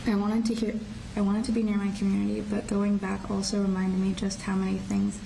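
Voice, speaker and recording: A teenage girl reading her prepared statement in a courtroom, quiet and subdued, often stopping to restart phrases. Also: mid-range voice, monotone, brisk, vocal fry. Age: teens. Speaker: shooting survivor giving a victim impact statement. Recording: distant courtroom audio with faint noise.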